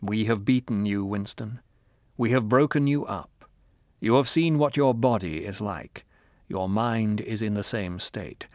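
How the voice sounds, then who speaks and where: A man's voice: on the low side, dry recording, clean studio sound. A man voicing a cold, menacing middle-aged male interrogator in an audiobook, with a harsh, commanding, contemptuous manner. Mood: cold, calm. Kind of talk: audiobook character reading.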